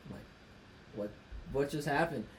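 An easygoing young man joining in on sports chat, his voice at an ordinary middle pitch. He relaxes into his stories and finishes the others' sentences. A faint noise floor runs behind him. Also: normal speed. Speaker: guest.

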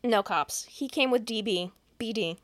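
A woman hosting a podcast, retelling a movie's plot in casual, profane, deadpan chat. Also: a little high, a little slow, no echo. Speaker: podcast host.

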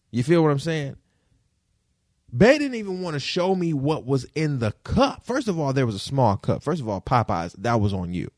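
A young man ranting straight into his phone, fired up and indignant, cursing freely and hammering the same points again and again. His voice sits a little high and leaps all over the place, and the recording is dry and close. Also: a little mellow, no room sound. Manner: indignant, profane, repetitive rant with big pitch swings. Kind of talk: ranting vlog to camera.

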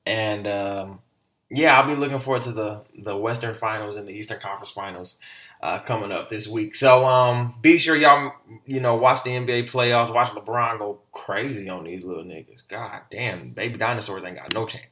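A man hosting a casual solo podcast, talking in an animated, slangy way with plenty of swearing. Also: lowish voice, moderate pace. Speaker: podcast host.

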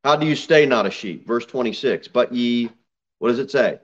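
Emphatic preaching man, slightly muffled. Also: normal speed. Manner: emphatic preaching, reading scripture aloud, rising to loud high peaks. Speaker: pastor. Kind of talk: sermon. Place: church sanctuary. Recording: slightly dull church recording.

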